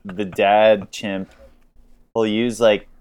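Animated young man, casual podcast chat. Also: fairly low pitch, extremely slow, slight background noise. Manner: animated, often acts out movie characters while laughing. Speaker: podcast co-host.

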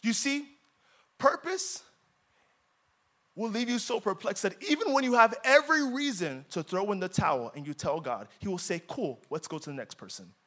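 A young man preaching in a church, his voice sitting high for a man. He leans hard on key words and then drops to quiet, intimate asides, reading scripture with dramatic force. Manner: dramatic, swings from loud emphasis to quiet asides. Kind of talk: sermon.

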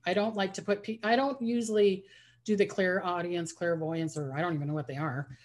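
A woman's voice: lowish voice, fairly even intonation, brisk. A woman psychic medium telling stories in a casual interview, rambling with many restarts. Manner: rambling, restarts often, acts out quoted voices.

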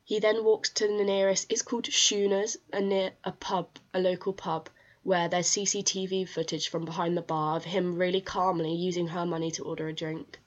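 A woman's voice: on the low side, flat delivery, normal speed. Chatty woman recounting a true-crime case. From England. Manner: chatty storyteller, reads case details with many fillers. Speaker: podcast co-host. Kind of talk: casual true-crime chat. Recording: dull lo-fi sound.

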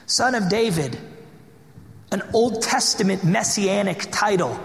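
A man's voice: high-pitched, lively intonation, a little slow, vocal fry. A man pastor delivering an impassioned, emphatic sermon full of rhetorical questions, in a church sanctuary. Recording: echoey hall with long reverb.

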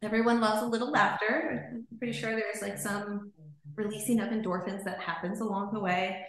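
A woman's voice: medium pitch, fairly even intonation, normal speed, fairly bright tone. A woman hosting a casual podcast, chatty and laughing through her words. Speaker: podcast host. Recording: very echoey room.

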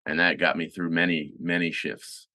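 A man's voice: low voice, level tone, moderate pace, sharp tone, dry recording, clean studio sound. A man chatting casually with friends, rambling with lots of fillers and restarts. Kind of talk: casual chat.

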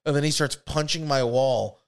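A man's voice: mid-range voice, normal speed, clear, resonant tone. A man in his thirties with an American accent, telling profane, rambling stories on a casual podcast and acting out other people's voices. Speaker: podcast co-host. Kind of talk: casual storytelling chat.

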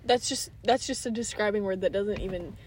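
A woman's voice: medium pitch, slight background noise. A young woman co-hosting a podcast, joking and teasing her friends in casual chat. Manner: playful teasing, quick jokes. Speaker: podcast co-host.

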